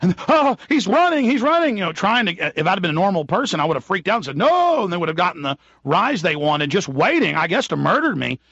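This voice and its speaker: Bright-voiced man ranting on talk radio. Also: fairly high pitch, animated, fast, gravelly, hardly any pauses, slightly rough, dry recording, lo-fi sound. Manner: emphatic, indignant ranting. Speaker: radio host.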